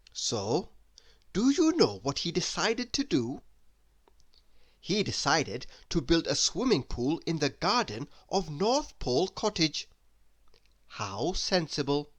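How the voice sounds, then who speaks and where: A woman reading a children's bedtime story aloud, expressive and playful with asides to the listener. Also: deep voice.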